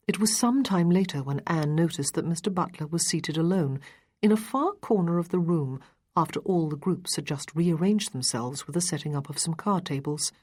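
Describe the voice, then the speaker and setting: Woman audiobook narrator, calm, even, low-pitched, husky. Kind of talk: scripted narration.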